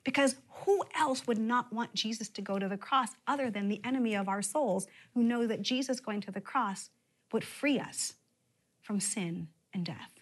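A woman pastor preaching a sermon, with expressive emphasis and sudden drops to a near-whisper. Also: a little high, moderate pace.

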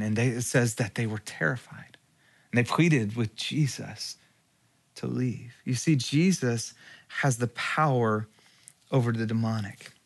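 A man preaching a sermon as pastor, earnest, with rhetorical questions and strong emphasis. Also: mid-range voice.

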